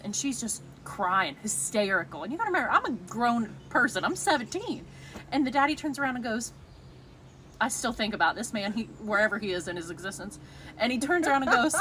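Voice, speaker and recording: A woman co-hosting a casual chat, telling lively stories and laughing often. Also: on the high side, fairly quick, slight background noise. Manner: animated storyteller, laughs often. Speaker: co-host.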